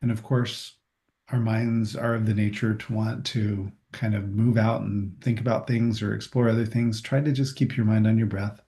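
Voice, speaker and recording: Male meditation guide, lowish mellow voice, calm and reassuring delivery. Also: normal speed, few pauses. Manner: calm, gentle, softly reassuring. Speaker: meditation instructor. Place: room with a group.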